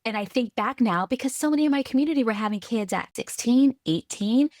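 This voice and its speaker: A woman from California, a guest on a podcast interview, telling her story earnestly and with lively restarts. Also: on the high side, a little fast, no room sound, clean studio sound. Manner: earnest, lively retelling with restarts and quoted voices. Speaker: guest, tech executive.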